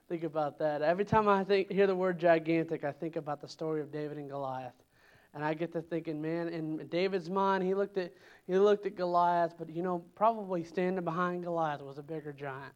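A man preaching a sermon at a church service, emphatic and repetitive, building his lines up in pitch and loudness. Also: fairly even intonation, brisk, clean tone. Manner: emphatic, repeating phrases with swells in pitch and volume.

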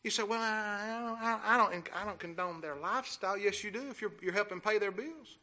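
A man preaching a sermon, swinging from low, steady talk into fiery shouting. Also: a little fast. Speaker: pastor.

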